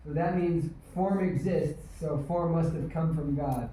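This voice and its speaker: A man's voice: on the high side, steady tone, a little slow, hardly any pauses, dark tone. A man answering in a class, explaining an argument step by step with some restarts. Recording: very echoey room, far from the mic, faint noise.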